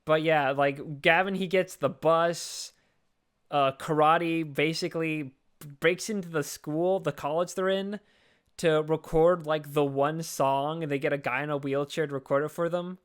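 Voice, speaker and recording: A man chatting casually about a movie on a podcast, jumping into quick put-on voices for the characters. His voice sits a bit high for a man and sounds smooth and clear. He swears freely as he talks. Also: steady tone. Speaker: podcast co-host. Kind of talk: casual movie recap chat.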